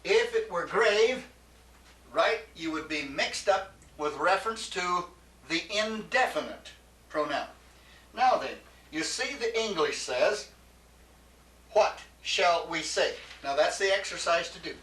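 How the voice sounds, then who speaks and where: A man teaching a Greek class, patient, repeating his questions and laughing gently. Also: high voice, animated, measured pace. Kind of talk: classroom lecture. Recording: echoey classroom from far off, faint hiss.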